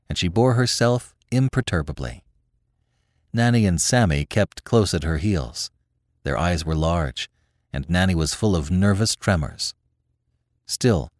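A man reading a classic short story aloud as a podcast narrator, in an expressive, lively storytelling manner. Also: fairly low pitch, dry recording, studio quality.

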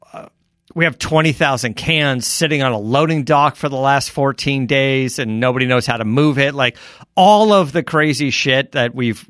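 A man co-hosting a casual podcast, telling stories in a loose, animated way, swearing and laughing often. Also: medium pitch, dry recording, clean studio sound. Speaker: podcast co-host. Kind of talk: casual chat.

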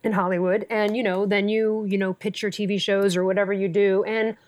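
A woman's voice: mid-range voice, level tone, brisk, a little mellow. A woman hosting a podcast interview, speaking in an enthusiastic, effusive way in casual chat. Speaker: podcast host.

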